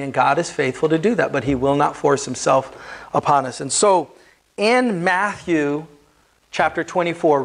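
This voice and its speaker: A man preaching a sermon as pastor, earnest and building emphasis as he explains scripture. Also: fairly high pitch.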